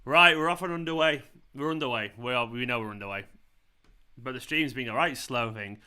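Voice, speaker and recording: A man chatting casually while hosting a football watchalong live stream, excitable and quick to swear. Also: medium pitch, smooth.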